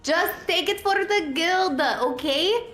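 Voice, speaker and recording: A woman's voice: very high-pitched, takes it slowly, a bit bright, soft background music. A woman playing in a tabletop game, talking casually with lots of filler words. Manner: chatty, filler-heavy. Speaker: player.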